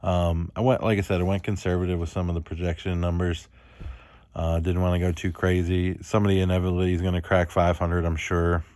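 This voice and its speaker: A man hosting a fantasy football show alone, talking in a monotone and rambling with many fillers. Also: sits low, brisk, dry recording, clean studio sound. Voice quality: monotone, self-described. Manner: rambling, lots of ums and uhs. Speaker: fantasy football league host. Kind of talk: solo casual podcast commentary.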